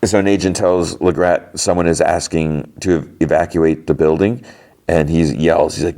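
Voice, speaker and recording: A man with a very deep, dark voice talks through a TV episode as a casual podcast recap. He retells each scene in a chatty way and keeps slipping into quick quoted lines from the characters. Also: fairly even intonation.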